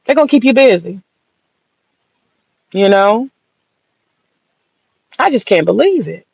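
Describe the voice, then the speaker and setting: Gravelly, husky, and darkish at a medium pitch, her voice is very animated but slow as she rants. This Southern American commentator is blunt, mocking, sassy, and profane, in a dull, dry lo-fi recording.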